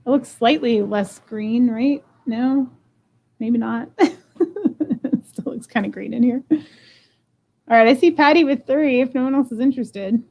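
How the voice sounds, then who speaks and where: Woman live seller, slightly high voice with vocal fry, chatty and self-joking. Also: unhurried, pauses often, muffled recording. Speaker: online jewelry seller. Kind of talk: live-stream unboxing and auction chat. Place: home room.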